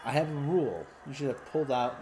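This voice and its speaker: A man rambling through a stand-up comedy monologue, musing aloud, often stopping to clear his throat. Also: mid-range voice, quick pace, over music.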